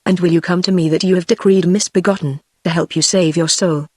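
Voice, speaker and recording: A woman's voice: on the low side, fairly quick, breathy edge, no room sound. A British-accented synthetic woman's voice reading the lines of a bitter, scornful king's daughter in archaic speech. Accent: British English. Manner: formal archaic speech, even delivery. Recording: dry synthetic voice.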